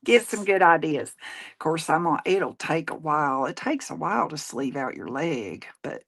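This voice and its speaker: A woman in her forties, a little lower in pitch, chats about everyday life while she crafts. She rambles, restarts her sentences and laughs easily. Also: expressive, normal speed, creaky, a bit bright, husky. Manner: chatty, folksy, laughs often. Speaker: craft show host; nurse. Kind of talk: casual chat while crafting.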